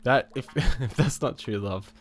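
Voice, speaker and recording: A man's voice: medium pitch, unhurried. A man with a stuffed-up cold, casually commenting on his life-sim game with lots of fillers, restarts and chuckles. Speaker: gaming channel host. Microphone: new desk microphone.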